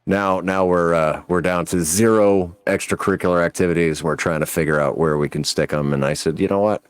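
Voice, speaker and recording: A man's voice: deep voice, steady tone, clear, resonant tone, no echo. A man on a casual podcast, talking bluntly and with swearing about his son. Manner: blunt, profane, slow. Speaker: podcast co-host. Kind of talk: casual chat. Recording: dry close sound.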